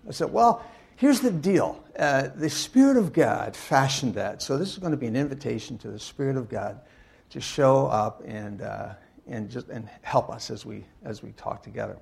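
An older man giving a sermon in a church, telling wry stories in a halting way full of uh and restarts. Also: medium pitch, gravelly, a little mellow, husky. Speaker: guest speaker and Bible teacher. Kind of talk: anecdotal sermon talk.

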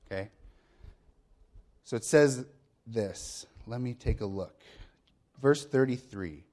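A middle-aged male pastor gives a sermon in an easy, conversational style, with a voice of ordinary pitch for a man. He explains his point bit by bit and asks the congregation rhetorical questions. He often checks in with a quick "okay?". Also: darkish tone. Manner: explains step by step, with frequent "okay?" check-ins.

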